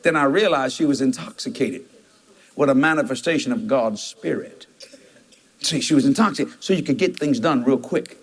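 A man's voice: mid-range voice, moderate pace, husky. A man, preaching a storytelling sermon and jumping into quoted voices with laughter.

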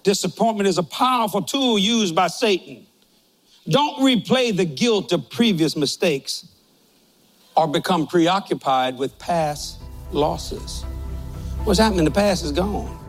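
A man's voice: high voice, expressive, measured pace, faint music behind. An older man preaching a humorous sermon in a folksy, joking, storytelling way.

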